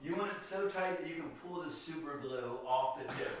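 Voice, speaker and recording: A man's voice: fairly high pitch, normal speed, very echoey, distant mic, crowd noise. A man ribbing his friends in incredulous casual chat.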